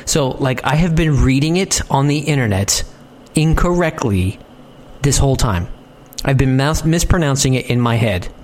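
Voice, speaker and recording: A man hosting a podcast, chatting casually in a rambling, self-mocking way with halting restarts. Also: medium pitch, darkish tone. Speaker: podcast host.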